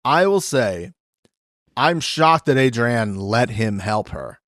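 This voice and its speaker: Male podcast co-host, mid pitch, dry close-mic sound, lively casual recap banter. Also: slow, no room sound. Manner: animated, acts out quotes in put-on voices.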